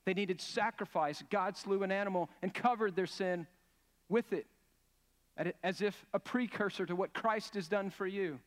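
A man's voice: sits high, moderate pace. A male pastor preaching a sermon in an earnest, emphatic way, asking his listeners questions as he builds each point. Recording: long hall reverb.

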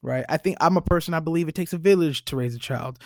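A man's voice: fairly high pitch, quick pace, gravelly, darkish tone, no room sound, clean studio sound. A man co-hosting a podcast in a laid-back, joking way, posing a question for the group to discuss. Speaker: podcast co-host. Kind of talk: casual chat.

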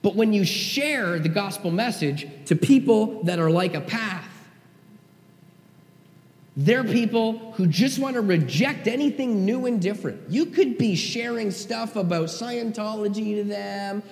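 A man's voice: high-pitched, animated, a little slow, gravelly. A male pastor preaching a sermon in a conversational, emphatic way and often checking in with his listeners. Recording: echoey hall.

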